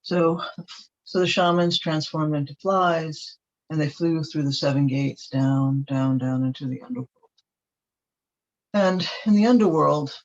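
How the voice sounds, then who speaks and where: Guy telling an old myth at a ceremony, lots of ums and restarts, slightly high voice, muffled audio. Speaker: storyteller. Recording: dull lo-fi recording.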